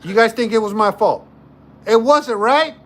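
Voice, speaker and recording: A man's voice: high-pitched, a little slow, fairly bright tone. A man hosting a livestream, telling a story to his chat in a casual, joking way and repeating himself often. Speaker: livestream host.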